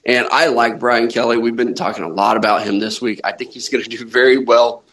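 A man's voice: medium pitch, steady tone, brisk, a crowd in the background, low-quality recording. A man hosting a sports podcast, chatting casually and joking around with his co-host. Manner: joking, rambling banter.

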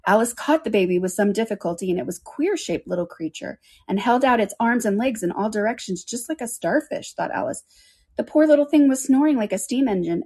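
A woman reads a classic children's story aloud at an even pace. Her voice has a husky, breathy texture and a middle pitch. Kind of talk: reading a children's book aloud.

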